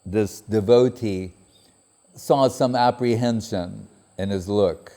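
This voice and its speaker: A man with a mellow, relaxed voice gives a spiritual talk as a story. He quotes others in a raised, higher voice and laughs often along the way. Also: takes it slowly. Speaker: spiritual speaker.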